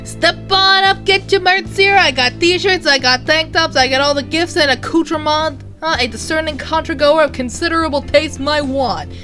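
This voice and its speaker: A woman voicing a brash teenage merch seller with a put-on New York accent and loud hawker patter, in a game playthrough. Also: sits high, moderate pace, hardly any pauses, music in the background, pitched above the performer's own voice, close to an everyday voice. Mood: hawking.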